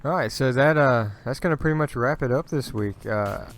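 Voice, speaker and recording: Relaxed, teasing man co-hosting a podcast. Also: medium pitch, brisk, music in the background. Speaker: podcast co-host. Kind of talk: casual chat.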